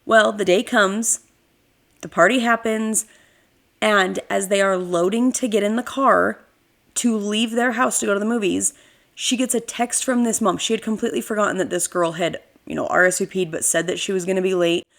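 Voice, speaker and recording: A woman hosts a podcast and tells a story as a casual rant. She talks in an animated, sarcastic way, full of fillers, at a middle pitch. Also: normal speed, creaky. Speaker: podcast host.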